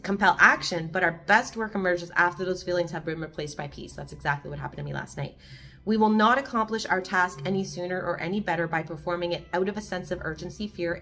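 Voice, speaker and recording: Earnest low-voiced woman with soft music. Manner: earnest, heartfelt, gently encouraging. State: emotional, near tears. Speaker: host of a daily reflection video. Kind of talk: reading and reflecting on a daily meditation.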